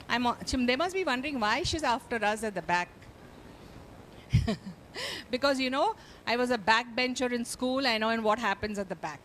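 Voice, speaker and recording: A woman with a high, light voice trains teachers in phonics. She speaks slowly and sounds out each phoneme, stopping often to quiz her class. She coaxes quiet listeners with playful, mock-pleading remarks. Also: slight background noise. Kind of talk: live phonics training session.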